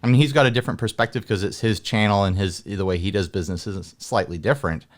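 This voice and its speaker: A man's voice: fairly low pitch, fast talker. An American man chatting casually as a guest, joking and laughing often as he talks. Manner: jokey, laughs often, rambling. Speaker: guest guitar video maker. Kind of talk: casual chat.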